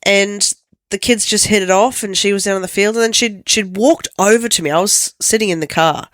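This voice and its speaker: A woman's voice: mid-range voice, fairly quick, no room sound, clean studio sound. Chatty Australian woman telling a story. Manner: chatty storytelling, self-mocking. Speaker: co-host. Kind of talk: casual chat. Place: radio studio. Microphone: studio microphone.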